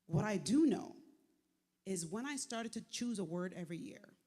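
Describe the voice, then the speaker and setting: A woman giving a live motivational faith talk, conversational and lively, with slangy asides to the crowd. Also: medium pitch, normal speed. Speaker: speaker at a faith event. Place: large venue, live event. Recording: echoey hall with long reverb.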